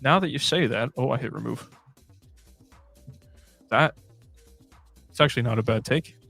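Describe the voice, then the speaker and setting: A man with a gravelly voice hosts a casual livestream and reads viewer comments aloud. He talks in a chatty, scattered way, with faint music behind him. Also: mid-range voice, moderate pace, fairly bright tone. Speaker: host of fan livestream.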